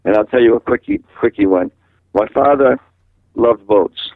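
An older man from Massachusetts, a radio guest telling a rambling personal story in a halting way, often repeating words. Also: mid-range voice, dry recording. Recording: tinny phone line on radio.

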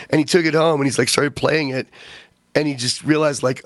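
A man's voice: fairly high pitch, normal speed, fairly bright tone, dry recording. Man rambling on talk radio. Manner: rambling storyteller, acts out quotes. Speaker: radio show host. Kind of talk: casual talk radio chat.

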